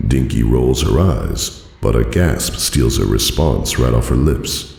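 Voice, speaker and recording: A man narrating a fan audiobook in a dry, formal storytelling manner with a gravelly voice. His voice carries a roomy reverb. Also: a bass voice, animated, unhurried, darkish tone.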